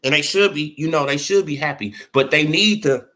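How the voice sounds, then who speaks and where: Brisk, bright and forceful, a boxing commentary vlogger lays out his casual opinions in slangy terms. He frequently asks whether you feel what he's saying and voices imagined dialogue with swinging pitch.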